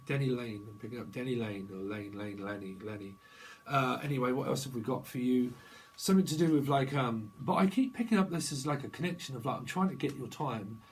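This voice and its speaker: A middle-aged man with a mid-range voice does an easygoing tarot reading, free-associating as he rambles and now and then adopting playful voices. Slight background noise and poor audio mark the clip.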